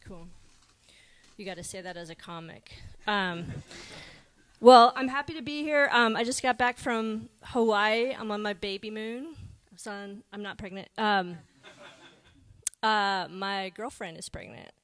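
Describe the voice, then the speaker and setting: A woman's voice: mid-range voice, measured pace, a bit bright. A woman performing a stand-up comedy set, rambling and wry, with lots of filler words. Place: comedy stage with live audience.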